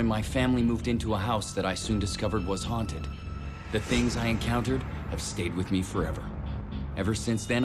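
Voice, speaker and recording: An actor playing the earnest leader of a ghost-hunting team in a film trailer. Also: male voice, lowish voice, close to an everyday voice. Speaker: paranormal investigator host. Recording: voice over loud music.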